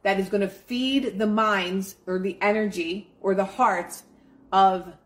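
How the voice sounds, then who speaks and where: A woman's voice: mid-range voice, fairly even intonation, takes it slowly. A woman hosting a live stream, giving a casual motivational pep talk to her chat in a blunt, profane, emphatic way.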